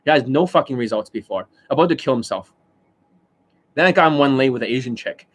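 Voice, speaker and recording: Speaking at an ordinary pitch, this middle-aged dating coach delivers a loose, unscripted rant on a live stream, expressive and a little fast. He brags, curses freely and keeps cracking himself up mid-sentence.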